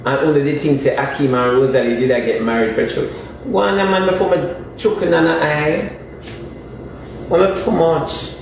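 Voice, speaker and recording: A man's voice: fairly high pitch, a little mellow. Ranting Jamaican man in an echoey room. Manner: emphatic, ranting, repeats dismissive refrains. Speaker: online commentator. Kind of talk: comic commentary on social media gossip. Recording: very echoey room, far from mic, faint noise.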